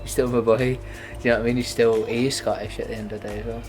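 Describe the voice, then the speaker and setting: A man's voice: medium pitch, flat delivery, racing, music in the background. A young man, a new father chatting casually and joking on his vlog. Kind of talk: casual chat.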